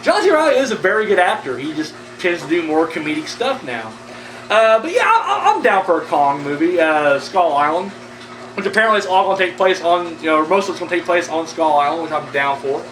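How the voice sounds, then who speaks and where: A man's voice: fairly high pitch, very animated, a little fast, fairly bright tone. A man giving casual, rambling horror movie news commentary, blunt and full of profanity. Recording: echoey room, mic at a distance, faint background noise.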